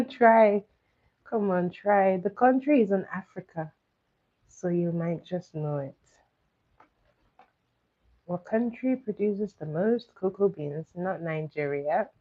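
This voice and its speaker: In a casual livestream trivia game, a woman with a lowish voice speaks slowly yet animatedly, pausing often. She coaxes her viewers and reads every question out to chat twice. The stream sound is dull and lo-fi.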